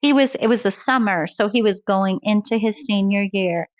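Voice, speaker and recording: Earnest woman guest, mid-pitched, dry and dull lo-fi recording, laughs easily. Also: moderate pace, no room sound. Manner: earnest, laughs often while telling stories. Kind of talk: faith-based interview conversation.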